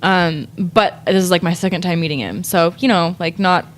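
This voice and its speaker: A woman's voice: lowish voice, moderate pace, a little hiss or hum. A young woman, a guest artist on a podcast, telling a rambling story in casual chat, full of "like" and laughing often.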